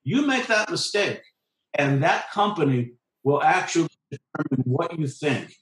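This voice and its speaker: Man, professor and journalist, emphatic lecturing, somewhat high voice, echoey room. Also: animated, unhurried, fairly bright tone. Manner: lecturing, emphatic, repeats key phrases. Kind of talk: conversational discussion.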